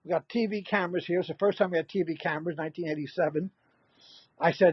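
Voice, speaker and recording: Animated older man telling comic stories. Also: on the high side, fast talker, slightly rough, no echo, highs cut off. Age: 60s. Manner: animated anecdote-telling, acts out quoted voices. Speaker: comedian guest. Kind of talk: storytelling in a casual interview.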